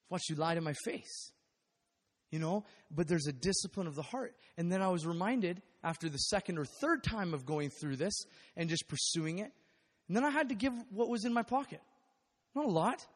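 A man's voice: high-pitched, lively intonation, a little fast. A man preaching a sermon as pastor in a church, candid and self-deprecating, rambling with restarts and bursts of laughter. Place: church sanctuary. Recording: long hall reverb.

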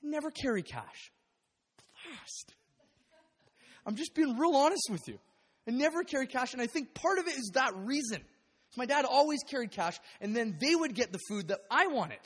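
A high-pitched male pastor preaches in a church sanctuary, his voice trailing off into a long hall reverb. He talks candidly and pokes fun at himself, stumbling over restarts and breaking into laughter. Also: very animated, brisk, a bit bright, slightly rough. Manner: candid, self-deprecating, rambling with restarts and laughs. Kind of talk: sermon.

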